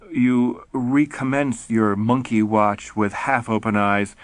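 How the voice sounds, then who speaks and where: A man reading an audiobook in a measured, wry storytelling manner. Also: medium pitch, no echo. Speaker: audiobook narrator. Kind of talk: scripted narration.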